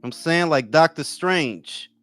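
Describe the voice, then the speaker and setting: A man's voice: on the high side, expressive, takes it slowly, a bit bright, faint music behind. A man in his forties hosting a boxing talk livestream, chatting casually with viewers in loose, profane, joking banter. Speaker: boxing talk show host.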